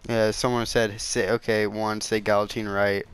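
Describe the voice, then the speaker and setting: A man's voice: on the low side, little pitch movement, normal speed, clean tone. A man hosting his small gaming channel, rambling casually and defensively, repeating himself and stuttering often. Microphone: console game capture.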